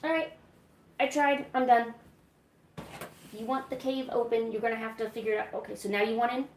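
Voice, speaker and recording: A woman hosting a livestream, chatting casually and coaxing her cats with high, sing-song pet talk at home. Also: steady tone, brisk. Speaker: livestream host. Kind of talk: casual chat to her cats during a stream. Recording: echoey room with faint hiss.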